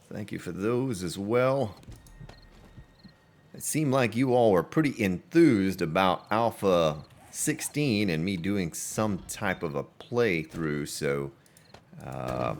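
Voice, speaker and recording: A man commentating his own gameplay on a live stream, chatting along and greeting viewers by name. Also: sits low. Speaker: game streamer.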